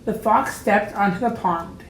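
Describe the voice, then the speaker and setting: A woman reading a children's story aloud, gentle and deliberate. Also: mid-range voice, a little hiss or hum. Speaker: storybook reader. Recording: roomy echo.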